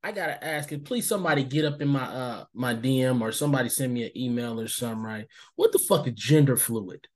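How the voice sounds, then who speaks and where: A man's voice: mid-range voice, fast talker, few pauses, darkish tone. A man co-hosting a podcast, ranting bluntly and with heavy profanity in casual chat. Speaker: podcast co-host.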